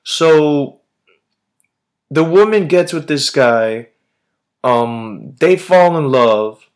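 A man hosting a podcast, chatting casually in a rambling way, swearing constantly and using lots of slang. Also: medium pitch. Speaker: podcast host. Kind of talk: casual chat.

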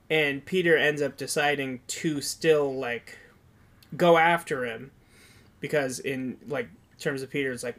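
A young man co-hosting a podcast, retelling scenes in an animated way during casual chat. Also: medium pitch, measured pace. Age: young adult. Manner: animated storyteller. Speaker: podcast co-host.

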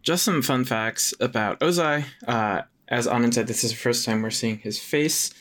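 A man in a mid-range voice co-hosts a laid-back podcast. He reads out trivia in an easy chatty tone, often pausing on filler sounds. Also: mid-range voice, a bit bright. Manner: reads out fun facts, hesitant fillers. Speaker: podcast co-host. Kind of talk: casual chat sharing trivia.

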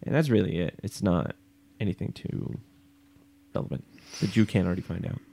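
A man's voice: deep voice, a little fast, vocal fry, warm tone, breathy edge. A man co-hosting a casual podcast, joking and swearing about a comic book. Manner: joking, profane banter. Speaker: podcast co-host.

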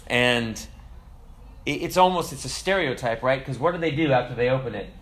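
A man preaching a sermon in a conversational, humorous way, acting out little quotes and slowing down to quote scripture. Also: mid-range voice, expressive, fairly bright tone. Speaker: pastor.

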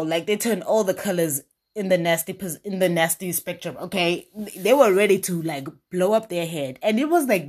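A woman giving dating advice in a casual monologue, sassy and emphatic, with big swings in pitch.

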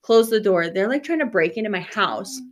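A young woman co-hosting a podcast in a loose, chatty way. She tells stories with frequent swearing and easy laughter, in a voice of ordinary pitch. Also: animated, brisk. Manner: chatty storyteller, swears freely, laughs often. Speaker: podcast co-host. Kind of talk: casual chat.

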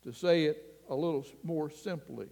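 A man preaching a sermon as pastor, earnest and deliberate, sometimes dropping his voice to a hush. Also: a little high, gravelly, long reverb tail. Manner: slow, earnest preaching with dramatic drops to a hush.

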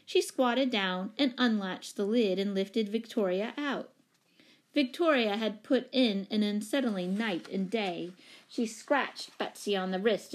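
Expressive woman reading a children's storybook. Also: medium pitch. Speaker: audiobook narrator. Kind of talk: storybook narration.

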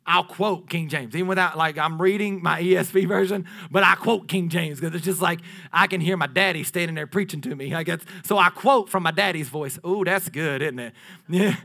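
A man preaching a sermon, lively and playful, swinging from loud declarations down to hushed near-whispers. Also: on the high side, fairly quick, vocal fry. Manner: playful asides with laughter to the congregation.

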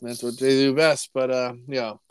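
A man's voice: mid-range voice, level tone, normal speed, clean tone, no echo. Young man co-hosting a sports chat. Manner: rambling, joking, restarts and laughs. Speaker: podcast co-host.

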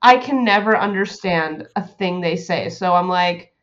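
A woman's voice: fairly low pitch, measured pace, fairly bright tone. A woman co-hosting a casual podcast, blunt and sarcastic, prone to short rants. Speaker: podcast co-host. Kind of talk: casual chat. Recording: dull lo-fi sound.

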